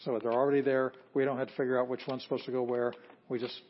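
A man's voice: mid-range voice, fast talker, lo-fi sound, a little hiss or hum. Chuckling man lecturing a class. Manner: relaxed, chuckling, plainspoken, with fillers. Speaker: Greek teacher.

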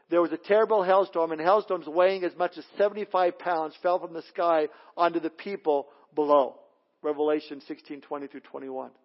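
A man preaching a verse-by-verse sermon, earnest and emphatic, often repeating words as he restarts a thought. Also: fairly high pitch. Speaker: pastor teaching through a Bible book. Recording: dull lo-fi audio.

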